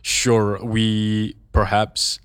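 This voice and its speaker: A man's voice: lowish voice, flat delivery, drawn-out words, a bit bright, smooth, no room sound. A man, chatting frankly and opinionatedly as a podcast guest. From Indonesia. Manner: frank, opinionated, switches into Indonesian phrases. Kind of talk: casual podcast chat.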